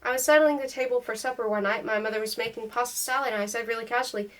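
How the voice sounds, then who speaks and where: A woman's voice: a little high, fairly even intonation, very fast, hardly any pauses, fairly bright tone, poor audio. A woman reading a novel aloud in first-person narration, voicing the dialogue as she goes. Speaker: audiobook reader.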